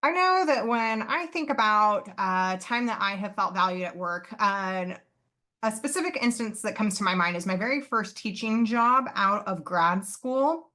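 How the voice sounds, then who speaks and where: A woman's voice: mid-range voice, expressive, unhurried, sharp tone. A woman professor giving a live online presentation, explaining earnestly with occasional fillers and self-corrections over a computer mic.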